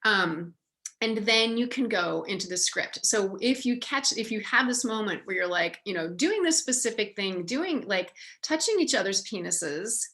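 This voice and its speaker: A woman's voice: mid-range voice, expressive, moderate pace, fairly bright tone. A woman sex educator teaches a casual online class in a chatty, candid way. She keeps it conversational and now and then acts out short lines a parent might say. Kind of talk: casual online training talk.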